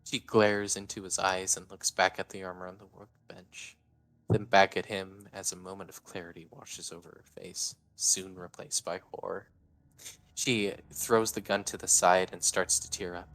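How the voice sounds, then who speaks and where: A low-voiced man narrates a story live, plain and matter-of-fact, with the odd "uh." His voice is deep and steady. Soft music plays underneath. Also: moderate pace, poor audio.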